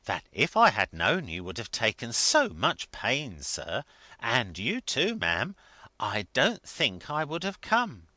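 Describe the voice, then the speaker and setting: A man's voice: mid-range voice, huge pitch swings, slow, pushed and bright, no echo, full character voice. A man voicing a kindly, smiling lady who speaks politely and apologetically in an audiobook reading. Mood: apologetic.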